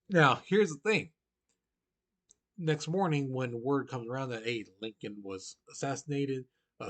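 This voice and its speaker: A man teaching a recorded history lesson in a casual, chatty way, full of "you know" and direct questions to his students. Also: mid-range voice.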